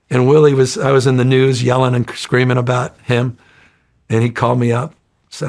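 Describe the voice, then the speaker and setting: Gravelly, profane middle-aged man. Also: medium pitch, a little fast. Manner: profane, energetic, rambling. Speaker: interview guest. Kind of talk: casual storytelling interview.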